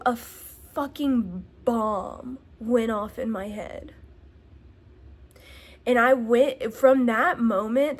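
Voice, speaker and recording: A young woman talks straight to camera about her own past, candid and emphatic, with plenty of "like" and the odd curse. Her voice sits a little high and she takes her time. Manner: candid, emphatic, swearing, filler-heavy. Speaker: vlogger. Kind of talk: personal storytelling vlog.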